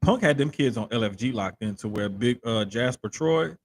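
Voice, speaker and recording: A man co-hosting a wrestling-talk podcast, animated and emphatic, stretching words for effect. His pitch sits in an ordinary middle range, with faint noise behind him. He talks like someone used to broadcasting. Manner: animated, drawn-out emphatic storytelling; says he controls his accent for broadcasting. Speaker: podcast co-host. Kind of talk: casual chat.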